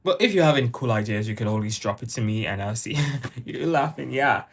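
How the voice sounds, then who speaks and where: A man's voice: on the low side, expressive, fast, slight background noise. A young man with a Nigerian accent, chatting casually with viewers on his channel. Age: young adult. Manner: chatty, answers viewers' comments. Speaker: YouTuber. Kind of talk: casual livestream chat.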